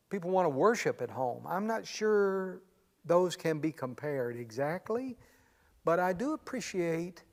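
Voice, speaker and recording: A middle-aged man, a pastor, chatting casually and folksily in a Q&A, joking and often saying "man". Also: high voice. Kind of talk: casual Q&A chat. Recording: long hall reverb.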